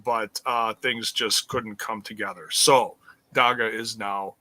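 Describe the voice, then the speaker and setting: A man's voice: lowish voice, steady tone, takes it slowly, pushed and bright. A man co-hosting a casual wrestling podcast, reading out the news in a rambling way with many fillers.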